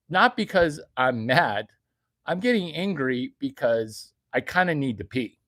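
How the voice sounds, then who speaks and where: A man giving a brash, bragging comedic monologue, talking provocatively and suddenly getting louder for emphasis. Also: medium pitch, sing-song, measured pace, dry recording, studio quality. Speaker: vlogger.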